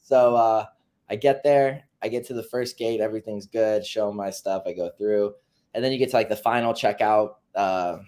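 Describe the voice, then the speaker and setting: Guest, man, 20s, pro athlete. Low voice, easygoing storyteller who acts out dialogue. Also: steady tone, moderate pace, darkish tone. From United States. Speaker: professional soccer player, guest. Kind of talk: casual storytelling interview.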